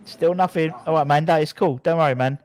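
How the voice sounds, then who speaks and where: A man's voice: fairly high pitch, fast, a little mellow. A man hosting a casual live stream, apologising again and again in a rambling way with many restarts. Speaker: host.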